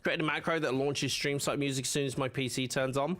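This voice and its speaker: A man's voice: medium pitch, fairly even intonation, fairly quick, fairly bright tone. A man hosting a livestream, chatting casually with viewers and telling rambling stories full of fillers and laughs. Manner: rambling storytelling, laughs often, many fillers. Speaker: livestream host. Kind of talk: casual chat reading live chat.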